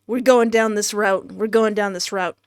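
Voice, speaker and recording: A woman's voice: medium pitch, smooth, dry recording, clean studio sound. A woman streaming a horror game, reading its text dramatically and bantering with the narrator. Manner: animated, banters with the game's narrator; dramatic, slowed delivery when reading narration. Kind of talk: let's play commentary, reading game text aloud.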